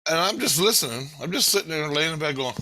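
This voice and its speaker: Guy ranting about a weird dream, swears a lot, pitch jumps all over, bright edgy voice. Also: fast talker. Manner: animated, profane, acts out quoted voices. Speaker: vlogger. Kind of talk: casual storytelling monologue.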